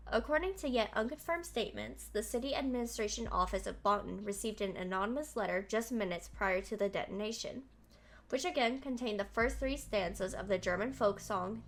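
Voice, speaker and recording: A woman streaming a game live, reading its text aloud and chatting back at the story in a lively, talkative way. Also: on the high side.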